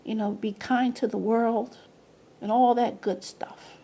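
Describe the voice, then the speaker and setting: A woman talking casually to her camera, rambling, repeating words and breaking into loud laughing asides. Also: a little high, fairly even intonation, a little slow, gravelly. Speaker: video presenter. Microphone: camera mic.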